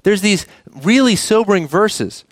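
A man's voice: sits high, animated, unhurried, no echo, clean studio sound. A man preaching a sermon as the church's pastor, talking conversationally and often asking the congregation questions.

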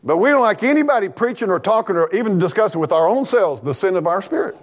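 A man preaching an animated, folksy sermon in church, talking back and forth with the congregation and laughing along. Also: high-pitched, fast talker. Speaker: pastor.

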